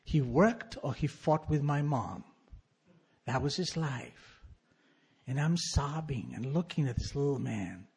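Husky man in his sixties telling a story. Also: medium pitch, slow pace. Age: 60s. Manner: animated, wry, emphatic storytelling. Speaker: speaker sharing a recovery story. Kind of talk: personal storytelling to an audience.

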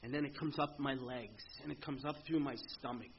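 A middle-aged man speaking earnestly at a recovery meeting, telling his story in a halting way with frequent restarts. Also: mid-range voice, background noise. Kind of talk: personal recovery testimony. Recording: muffled lo-fi meeting recording with faint ambience.

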